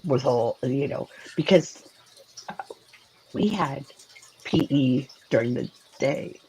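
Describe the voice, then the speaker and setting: A woman in her forties in casual chat, telling personal stories in an animated way, filling her speech with "like" and acting out dialogue. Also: rumbling low, takes it slowly, a little hiss or hum, rough recording. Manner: animated, many "like"s, acts out quoted dialogue. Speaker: co-host.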